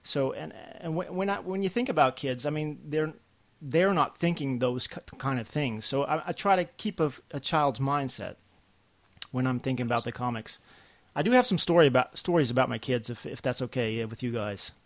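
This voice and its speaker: A man, a podcast guest telling a family story in a halting, lively way. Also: mid-range voice. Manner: halting, restarts often, lively when telling stories. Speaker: podcast guest, comic artist. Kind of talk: casual storytelling chat.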